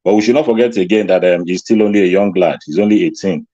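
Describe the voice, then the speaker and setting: A man speaking as a guest on a casual live stream, laying out his views with "um" pauses. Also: sits low, mellow, no echo, lo-fi sound. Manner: measured, reasoned speech with "um" pauses. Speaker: guest commentator. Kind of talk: casual chat.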